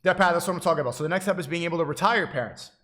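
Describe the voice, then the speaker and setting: A man's voice: on the high side, racing, pushed and bright. A man livestreaming, giving an insistent, preachy monologue to his chat, often repeating and restarting his phrases.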